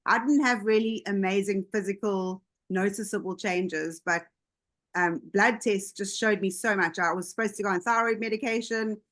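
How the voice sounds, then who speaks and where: A woman on a video call telling her own story in a lively, chatty way, slipping into quoted dialogue. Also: medium pitch, normal speed. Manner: animated, jumps into quoted dialogue. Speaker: team member sharing her story on a call. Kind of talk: casual storytelling.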